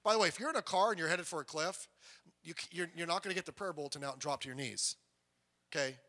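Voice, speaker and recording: A man preaches a sermon in a high, bright voice that rings out. He shifts between booming emphasis and quiet asides. His voice carries through the long reverb of a church hall. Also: fast talker. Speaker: pastor.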